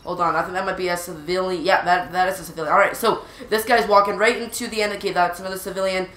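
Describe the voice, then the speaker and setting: A woman hosting a gaming channel, giving live gameplay commentary in an excitable way, repeating urgent exclamations and often stammering. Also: lowish voice, quick pace, echoey room.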